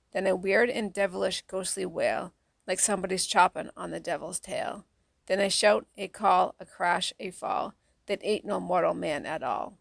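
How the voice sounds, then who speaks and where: A woman reading children's poems aloud in a soft, unhurried, even way, close to the mic. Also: mid-range voice, creaky, no echo. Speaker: audiobook reader.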